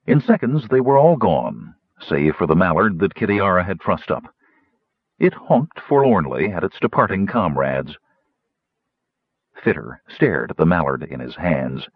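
Lively low-voiced male storybook narrator. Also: unhurried, husky, no echo, muffled recording. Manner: lively, voicing characters higher. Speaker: audiobook narrator.

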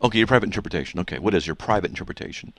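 A man's voice: low-pitched, lively intonation, rapid-fire, a bit bright, dry recording. A man hosting a call-in radio debate who presses a caller with repeated questions and cuts in often. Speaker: radio host.

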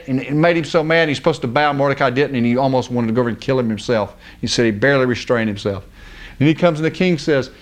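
A man preaching in a lively, colloquial storytelling style. He laughs often and acts out the characters. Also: fairly high pitch. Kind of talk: animated sermon storytelling.

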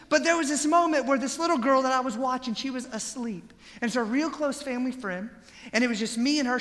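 A man preaching a sermon, telling stories energetically, asking the crowd rhetorical questions and building up to shouts. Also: extremely high pitch, long reverb tail.

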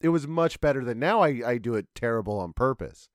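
Middle-aged man, podcast co-host, rambling halting delivery, dry close sound. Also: mid-range voice, lively intonation, no echo. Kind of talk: casual podcast chat.

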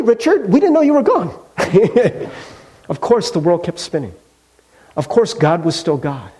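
A man's voice: a little high, dark tone. A male pastor preaching a sermon in a conversational storytelling way, with casual fillers.

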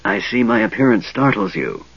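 A man's voice: on the low side, animated, moderate pace, slightly rough, dry recording, dull audio. A man whispering as a wheezing, sinister young mage. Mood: cold whisper. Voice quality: soft wheezing whisper, hissing. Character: frail young male mage, sinister and cold.

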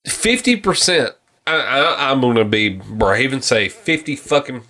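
A man's voice: medium pitch, unhurried. A man co-hosting a podcast in casual, profane chat, telling stories and acting out people's lines. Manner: profane, animated, acts out stories in voices. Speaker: podcast co-host.

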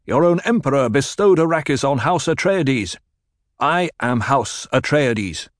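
A man's voice: mid-range voice, expressive, measured pace, no echo, clean studio sound, voice pushed up, close to an everyday voice. A man reading an audiobook voices a commanding young male duke who barks stern orders. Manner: barks orders, rising to shouts. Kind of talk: audiobook character voice.

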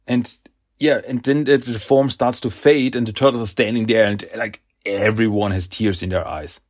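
A man hosting a podcast, casually recapping a comic book in a slow, halting way with lots of fillers. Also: on the low side, steady tone. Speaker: podcast host.

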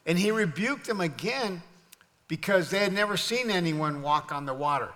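A man preaches to his congregation in a bright, forceful voice sitting a touch above the usual male pitch. He pushes his questions out loud and high, then sinks to near quiet on the lines that carry weight. The recording rings with the long reverb of a large church sanctuary. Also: expressive, moderate pace. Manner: preaching with call-and-response to the congregation. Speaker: pastor. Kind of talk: sermon.

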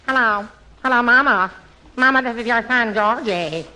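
A woman's voice: on the high side, bright, forceful tone, poor audio. A woman doing an impression of a male showman talking eagerly on the phone to his mother in a 1940s radio comedy. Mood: fond. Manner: eager, rapid patter.

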